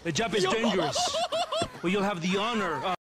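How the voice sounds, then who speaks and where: An actor playing a smooth, scheming army captain with a Mexican Spanish accent in a video game cutscene, oily and flattering. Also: male voice, high voice, brisk, heavy background noise, close to an everyday voice.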